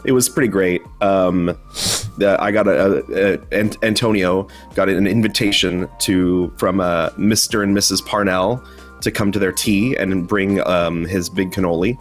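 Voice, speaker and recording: A man hosting a casual online chat over a video call, chatty and quick to laugh, often restarting his sentences. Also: low-pitched, fairly even intonation, faint music behind. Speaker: host.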